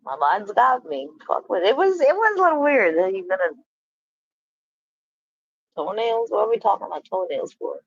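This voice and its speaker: A woman's voice: medium pitch, very animated, moderate pace, vocal fry, long pauses, breathy edge, dry recording, lo-fi sound. A woman hosting a casual livestream, greeting and chatting with viewers, laughing often and swearing freely. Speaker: livestream host. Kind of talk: casual livestream chat reading viewer comments.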